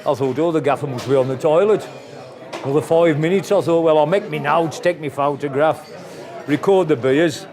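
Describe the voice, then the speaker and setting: A man's voice: fairly high pitch, moderate pace, music in the background. A retired man, telling chatty anecdotes full of local slang with little chuckles. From Black Country, England. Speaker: retired pub enthusiast. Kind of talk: casual storytelling interview.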